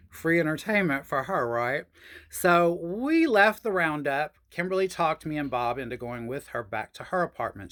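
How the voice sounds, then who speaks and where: A woman's voice: low-pitched, fairly bright tone. A woman hosting her own show, telling a personal story in a chatty, frank and profane way and talking straight to her viewers. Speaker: storytelling host. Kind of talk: casual storytelling monologue.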